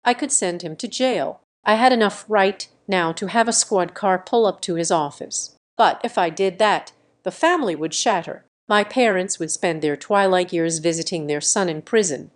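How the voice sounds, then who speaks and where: A woman reading a first-person revenge story as scripted narration, in an even, measured way. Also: fairly low pitch.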